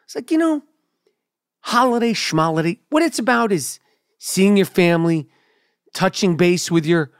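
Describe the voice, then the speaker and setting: A man's voice: sits high, lively intonation, normal speed, long pauses, clear, resonant tone, no room sound, studio quality. A man hosting a podcast, telling a rambling, profane, comedic story in casual chat. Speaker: podcast host.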